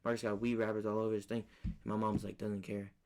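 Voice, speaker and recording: Young male podcast co-host, lowish voice, slangy and blunt. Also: level tone, quick pace, darkish tone. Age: young adult. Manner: slangy, profane, candid storytelling. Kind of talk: casual chat.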